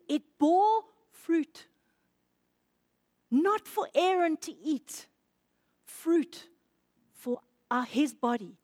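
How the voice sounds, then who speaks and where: A woman preaching a sermon in church, emotional, swinging from loud, stirring lines to hushed, quiet ones. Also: sits high. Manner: emotional, rises loud then drops to hushed.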